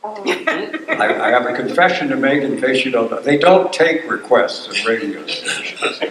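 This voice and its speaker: A man's voice: medium pitch, sing-song, unhurried, a crowd in the background. Older man telling wry stories at a panel. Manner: wry storyteller who acts out quotes. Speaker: voice actor guest. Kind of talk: convention panel interview. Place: convention panel room. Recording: roomy hall, voice from a distance.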